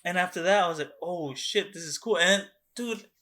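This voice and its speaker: Young male co-host, bright and excitable, swears freely, casual video-call podcast. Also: sits high, moderate pace. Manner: excitable, swears a lot, animated storytelling. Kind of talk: casual chat.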